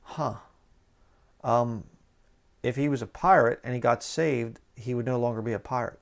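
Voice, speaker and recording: A man's voice: mid-range voice, steady tone, normal speed, gravelly. A man, a pastor, giving a sarcastic, conversational commentary like a sermon and reading passages aloud.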